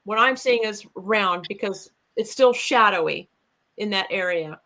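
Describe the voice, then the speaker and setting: Brief: woman guest, mid-pitched, bright tone, rambling storyteller. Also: a little slow, rough recording. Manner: earnest, rambling, with fillers and restarts. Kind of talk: casual storytelling of an encounter.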